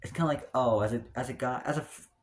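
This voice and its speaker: A man's voice: mid-range voice, fast. A young man ranting casually to camera, rambling with many restarts and fillers. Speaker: vlogger. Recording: roomy echo.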